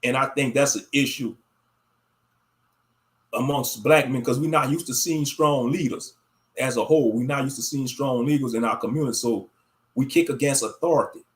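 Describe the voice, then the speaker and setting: A man in his thirties with a mid-range voice speaks at normal speed on a casual livestream. His commentary is blunt, profane, and rambling, and he talks straight to his viewers as though they were family.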